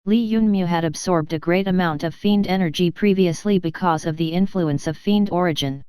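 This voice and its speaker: A woman narrating a fantasy audiobook in a steady, even reading. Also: lowish voice, normal speed, clear, resonant tone, dry recording. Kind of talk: scripted narration.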